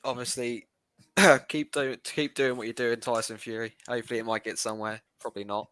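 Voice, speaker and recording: A man calling in as a guest on a live stream, speaking softly and hesitantly with fillers. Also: mid-range voice, fairly even intonation, a little fast, no echo. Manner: soft-spoken, hesitant, trails off. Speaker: guest caller. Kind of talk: casual call-in chat.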